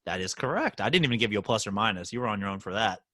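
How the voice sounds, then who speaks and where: Lively, teasing man hosting a podcast. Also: lowish voice, rapid-fire, dry recording. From Baltimore, Maryland. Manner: teasing, animated quizmaster. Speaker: podcast host. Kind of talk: casual podcast chat, quizzing a guest.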